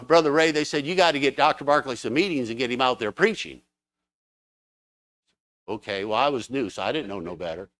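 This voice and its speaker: A man preaching a sermon in a church, telling stories with fervent, animated exclamations. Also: medium pitch, no echo.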